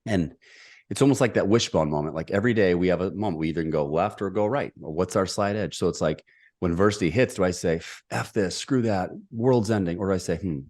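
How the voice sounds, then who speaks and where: A middle-aged man telling a personal story as a podcast guest, energetic and emphatic. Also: low voice, fast. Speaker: podcast guest, executive coach.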